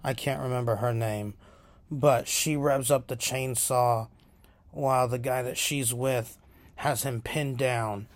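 A man's voice: mid-range voice, steady tone, slow, dry recording. A man hosting his own podcast, rambling casually with many fillers. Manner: rambling, lots of filler ums. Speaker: podcast host.

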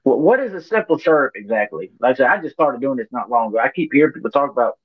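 A man's voice: medium pitch, animated, fast, breathy edge. Curious man asking questions, muffled. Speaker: beginner distiller. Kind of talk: casual podcast chat. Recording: muffled lo-fi sound.

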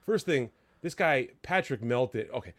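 A man's voice: medium pitch, animated, normal speed, no room sound. A man co-hosting a podcast in casual, rambling banter, swearing freely and laughing often. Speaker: podcast co-host.

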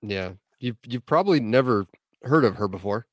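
A man co-hosting a casual podcast, setting up jokes deadpan and swearing casually. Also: medium pitch, moderate pace, dry recording, studio quality. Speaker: podcast co-host.

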